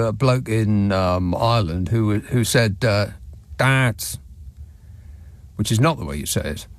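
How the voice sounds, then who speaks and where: A man hosting a radio show, reading out listener messages with dry, sardonic asides from a studio microphone. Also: fairly low pitch. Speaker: radio talk show host.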